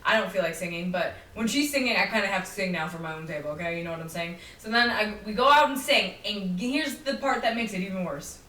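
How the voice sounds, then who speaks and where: Young woman, solo podcast host, lively storyteller; bright voice, slightly distant mic. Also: medium pitch, fast talker, hardly any pauses. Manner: animated, chatty, acts out quotes. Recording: roomy, slightly distant mic with faint noise.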